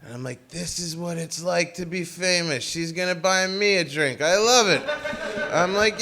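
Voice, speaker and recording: A man's voice: a little high, moderate pace, bright, forceful tone. A man telling a rambling, self-mocking comic story on stage before a live audience.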